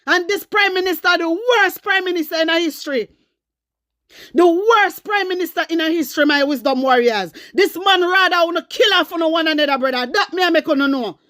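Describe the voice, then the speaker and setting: A woman's voice: very high voice, a bit bright, no echo, studio quality. A woman with a Jamaican accent giving heated political commentary on her vlog, stressing points by repeating phrases. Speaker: political vlogger.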